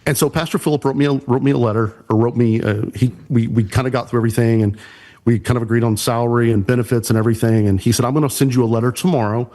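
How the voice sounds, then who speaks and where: A man's voice: medium pitch, steady tone, fast talker, dark tone. A man, a church production pastor and podcast guest, earnestly telling an emotional personal story.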